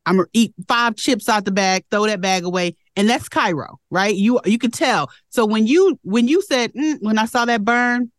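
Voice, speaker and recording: A woman in her forties hosting a casual interview, talking quickly and expressively about parenting. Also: on the high side, no echo, clean studio sound. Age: 40s. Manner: expressive, quick, acts out family quotes. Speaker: interview host.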